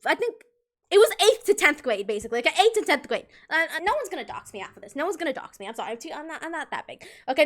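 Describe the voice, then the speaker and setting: A young woman streamer telling a rambling, animated story in casual chat, full of restarts and giggles. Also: high voice.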